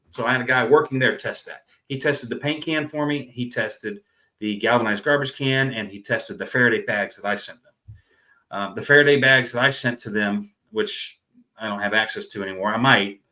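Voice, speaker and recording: Bright-voiced middle-aged man chatting on a live stream. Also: lowish voice, normal speed. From Florida. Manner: relaxed, swears freely, laughs often. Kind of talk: casual live-stream chat reading viewer comments.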